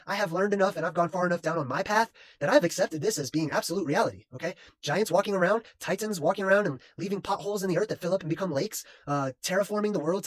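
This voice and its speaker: A man's voice: sits high, dry recording. A man hosting his own video, talking in a rambling, emphatic monologue and checking in with "okay?" and "right?" as he goes. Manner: emphatic, digressive, keeps adding "okay?" and "right?". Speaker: video host. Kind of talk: casual monologue.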